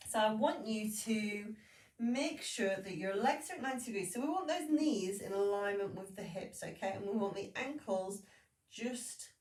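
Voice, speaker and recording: A woman leading a Pilates class, giving calm, steady cues and counting through each exercise. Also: medium pitch. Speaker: Pilates instructor. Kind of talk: guided exercise class instruction. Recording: echoey room, voice from a distance.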